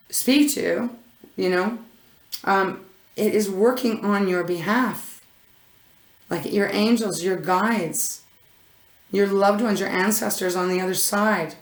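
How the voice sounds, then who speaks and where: A woman's voice: mid-range voice, reverberant. A woman reading tarot in a casual, effusive way, gushing over each card and rambling with frequent restarts. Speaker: intuitive tarot reader.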